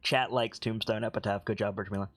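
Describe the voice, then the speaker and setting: A man's voice: fairly low pitch, steady tone, fairly quick. A man with a Southern accent, chatting as a player in a tabletop game and often restarting his sentences. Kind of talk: casual chat at a tabletop game.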